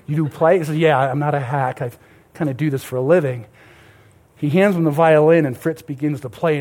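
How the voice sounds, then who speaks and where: Calling the congregation "beloved," a middle-aged pastor tells a story during his sermon. His voice sits a little high and sounds somewhat mellow.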